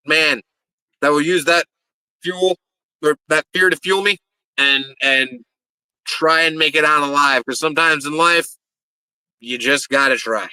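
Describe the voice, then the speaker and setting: A man's voice: on the high side, sharp tone, smooth, no echo, low-quality recording. A man, a pro wrestler, cutting a brash, profane promo and rambling and stammering through interview answers.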